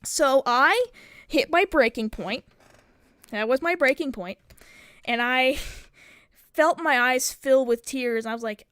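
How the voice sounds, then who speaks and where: A young adult American woman, a streamer, tells a story in a casual, rambling way, swearing a lot and leaning heavily on fillers. Her voice is high-pitched, expressive, fairly bright and clean, at normal speed. The recording is dry, with clean studio sound.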